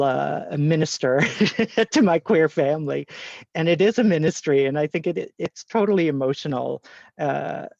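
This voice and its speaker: A man's voice: mid-range voice, creaky, a little mellow, no room sound, dull audio. A man hosting a panel discussion, speaking earnestly and laughing often over a video call. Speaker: host.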